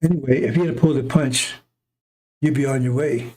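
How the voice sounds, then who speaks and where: A man's voice: mid-range voice, a little fast, warm tone. A man preaching an emphatic, rambling sermon to his listeners, with a conversational delivery and frequent chuckling asides. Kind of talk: impassioned street-style sermon.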